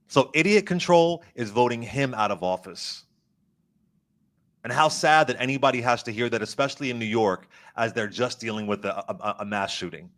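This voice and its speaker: A man's voice: mid-range voice, a bit bright. Impassioned man hosting political commentary. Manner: impassioned, emphatic, repeats words for stress. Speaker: guest host. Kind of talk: political commentary talk show.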